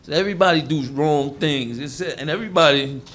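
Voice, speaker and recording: A man's voice: a little high, fast talker, fairly bright tone. A man preaching a sermon on proverbs in a folksy, colloquial way, acting out everyday quotes.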